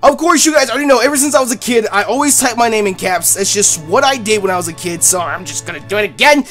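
A young adult host narrating a let's play, loud and hyped, swearing often over the game. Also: mid-range voice, fast talker. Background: faint game music.

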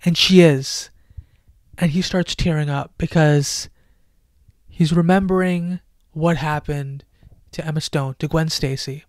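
A man giving an excited, casual film review on a headset mic, swinging from loud enthusiasm to hushed near-whispers. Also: a little high, a little slow, pauses often, no room sound, studio quality.

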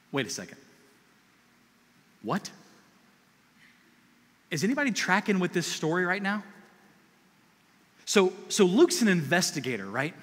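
A man preaching a sermon as pastor, animated and conversational, with asides to the congregation. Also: high-pitched, unhurried, pauses often, in a large hall.

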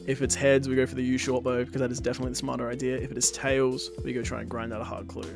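A man's voice: mid-range voice, flat delivery, racing, vocal fry, music in the background. A man giving casual, profane, rambling commentary to viewers while playing a game. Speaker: gaming commentator.

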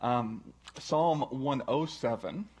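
A man with a husky, mid-pitched voice talks to a church gathering in a halting way. He stumbles through repeated words and fillers as he gathers his thoughts. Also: a little mellow. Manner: halting, many restarts and fillers. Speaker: church speaker, husband of the previous speaker. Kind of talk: casual talk before a sermon.

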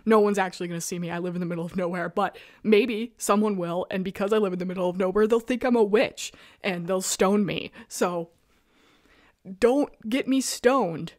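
A woman hosting a casual talk show, chatting about comics in an animated, self-mocking way and laughing often. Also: medium pitch, moderate pace, no room sound, studio quality. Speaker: podcast host reviewing webcomics. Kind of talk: casual chat. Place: rural home.

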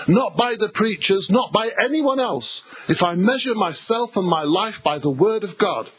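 A man's voice: high-pitched, slightly rough, low-quality recording. Emphatic English male pastor preaching. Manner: emphatic, repetitive, conversational preaching with asides to the congregation. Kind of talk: sermon. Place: church hall.

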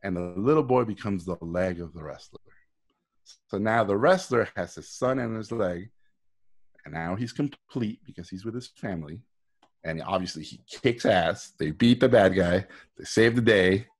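A man speaking as a guest on a video call, telling a story with animated delivery and acting out the lines of his characters. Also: on the low side. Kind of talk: storytelling talk.

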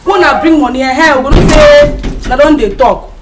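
A woman's voice: sits high, lively intonation, moderate pace, over loud music. A woman speaking with a Nigerian Pidgin accent, playing a brash young woman who haggles over money. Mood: bargaining. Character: sharp, bargaining young woman. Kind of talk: film drama acting.

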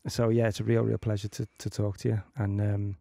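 A man's voice: lowish voice, level tone, a little fast, gravelly, warm tone, no echo. A man hosting a podcast, chatting casually with many fillers. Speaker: podcast host. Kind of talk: casual interview chat.

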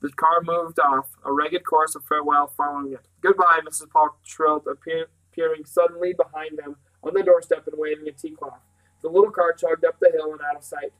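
Man reading a novel aloud, bright voice. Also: fairly high pitch, little pitch movement, a little fast, low-quality recording. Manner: plain narration with light character voices. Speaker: reader.

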